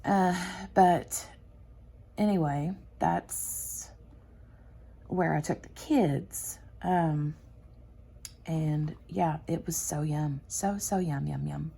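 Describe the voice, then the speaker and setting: A woman's voice: low-pitched, drawn-out words, vocal fry, long pauses, warm tone, husky. A woman hosting a craft channel, chatting casually and rambling with lots of fillers. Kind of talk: casual chat.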